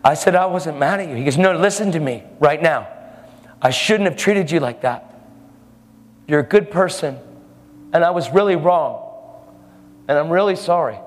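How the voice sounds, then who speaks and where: A man's voice: a little high, animated, moderate pace, long pauses, big-room sound. A man preaching a sermon, telling a story and acting out the lines of the people in it.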